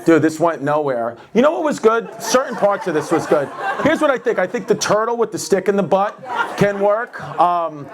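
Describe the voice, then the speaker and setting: A slightly high-pitched man with a New York accent, working through a stand-up story. He talks with animated energy and laughs at his own lines. Afterwards he chats loosely offstage, still winded and sweaty from the set. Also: moderate pace, crowd noise, background noise. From Queens, New York. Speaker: stand-up comedian. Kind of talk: stand-up storytelling, then backstage chat.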